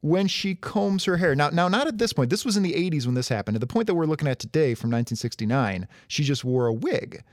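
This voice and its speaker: A young adult man co-hosting a podcast, chatting casually with a wry, explanatory manner. His pitch swings widely as he talks. The sound is dry and close. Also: very animated, quick pace, hardly any pauses, no room sound. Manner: wry, explanatory, bookish asides. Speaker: podcast co-host. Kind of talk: casual chat.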